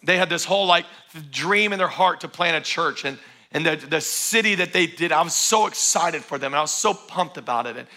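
A man's voice: fairly high pitch, normal speed, sharp tone. A man preaching a sermon at a church service, fervent and emphatic, urging his congregation again and again. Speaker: pastor.

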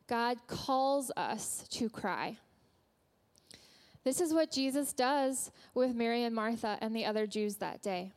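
A woman who works as a nurse, giving an earnest, gentle sermon that she tells like a story in a church. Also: fairly high pitch, slow pace, clear, resonant tone.

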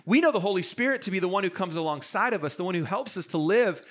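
High-voiced man preaching a sermon. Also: animated, fast talker, fairly bright tone. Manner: earnest, encouraging preaching with a conversational touch. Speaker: pastor. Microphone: streamed sermon to an online audience.

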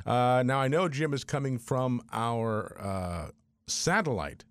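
A man's voice: mid-range voice, slow, no echo, clean studio sound. A man hosting a radio show, trading jokes and banter with the weather forecaster. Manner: lively, joking banter. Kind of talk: casual radio chat.

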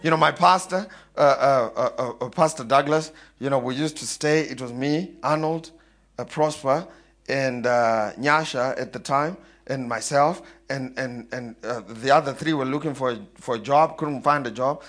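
A man's voice: medium pitch, moderate pace, fairly bright tone. A man preaching a sermon, calling out questions for the congregation to answer and laughing often. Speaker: pastor.

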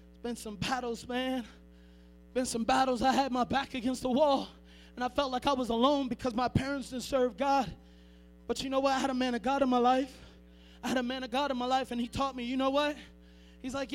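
A man preaching a fervent sermon, repeating phrases and building from quiet to shouting. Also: very high voice, fairly even intonation, a little fast, faint music behind. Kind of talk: Pentecostal-style sermon.

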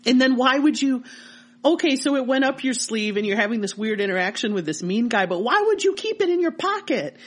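A woman co-hosting a podcast, telling childhood memories in casual, animated chat. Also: fairly high pitch, fairly quick. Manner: animated storytelling with laughter. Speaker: podcast co-host.

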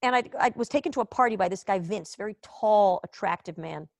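A woman from Israel rambles through a casual comedy monologue, swearing freely and poking fun at herself. Her voice sits mid-pitch and sounds close and dry, like a computer mic on a video call from home. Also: a little fast, gravelly, no echo. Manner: chatty, profane, self-mocking, jumps between topics. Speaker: comedian hosting a live online show. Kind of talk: casual rambling stand-up chat.

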